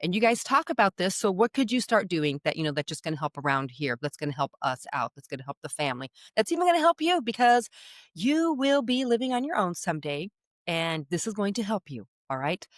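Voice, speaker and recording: A middle-aged woman giving parenting advice straight to camera in a chatty, animated way, checking in with her listeners again and again. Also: on the low side, fairly quick, no room sound, studio quality. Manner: animated, chatty, keeps checking in with "okay?" and "all right?". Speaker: parenting coach. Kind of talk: direct-to-camera advice talk.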